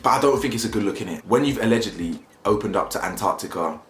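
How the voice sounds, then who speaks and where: A man's voice: on the low side, animated, fast. A young man giving slangy, mocking casual commentary as a video reviewer, laughing often. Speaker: YouTube reviewer. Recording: roomy echo, faint music.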